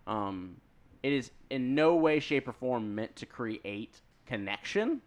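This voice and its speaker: A man's voice: medium pitch, expressive, takes it slowly. A man co-hosting a casual discussion, earnest and reflective, often agreeing with "correct". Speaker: podcast co-host.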